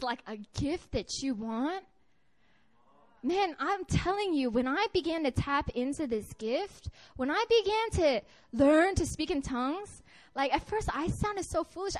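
A woman with a high voice preaches to a gathering in a casual, heartfelt way. She tells a personal story and often stops and restarts her sentences. Her tone stays earnest throughout. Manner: conversational and earnest, many restarts and fillers. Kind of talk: sermon with personal testimony.

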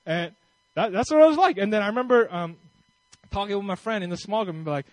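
A male pastor giving a conversational, animated sermon with casual asides and self-deprecating humor. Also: high-pitched, quick pace, no echo, low-quality recording.

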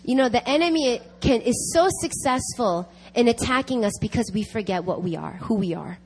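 A woman's voice: on the high side, lively intonation, normal speed, few pauses, a little mellow, husky. A woman giving an emphatic sermon at a prayer meeting, repeating key phrases to drive them home. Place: church meeting.

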